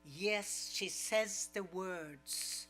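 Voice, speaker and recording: Unhurried actress in a cinema Q&A, mid-pitched woman, acts out the quotes she tells. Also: a bit bright, slight background noise. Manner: slow and measured, acting out quoted lines. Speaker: actress, guest at a screening Q&A. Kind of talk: audience Q&A storytelling. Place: cinema auditorium.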